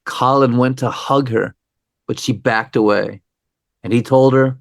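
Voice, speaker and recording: A man's voice: medium pitch, steady tone, measured pace, vocal fry, no echo, clean studio sound. A man co-hosting a true-crime podcast, telling the story with wry, conversational asides. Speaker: podcast co-host.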